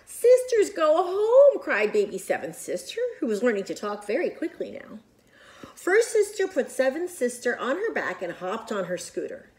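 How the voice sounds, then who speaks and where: A woman reading a picture book aloud to children in an expressive, animated way with whispered asides. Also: medium pitch, normal speed. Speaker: children's storyteller.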